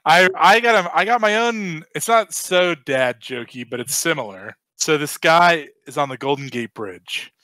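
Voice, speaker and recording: A man's voice: a little high, lively intonation, normal speed, hardly any pauses, pushed and bright, no room sound. A young man in a casual podcast discussion, earnest and self-deprecating, telling jokes. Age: young adult.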